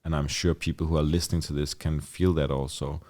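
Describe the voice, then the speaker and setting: Very deep-voiced man telling his story. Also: flat delivery, quick pace, a little mellow. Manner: loose and candid, with lots of "like" and frequent swearing. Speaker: podcast guest. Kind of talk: casual storytelling in a conversation.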